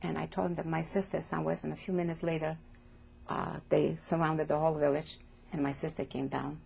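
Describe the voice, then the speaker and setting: An older woman from Poland giving oral history testimony as an interviewee, speaking haltingly and repeating words as she goes. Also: low-pitched, level tone, darkish tone. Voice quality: gravelly, husky.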